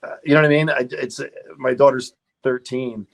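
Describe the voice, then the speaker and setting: A man's voice: mid-range voice, little pitch movement, a little fast, vocal fry. A middle-aged man, a guest on a car podcast, telling rambling stories in a casual interview, laughing often and restarting his sentences.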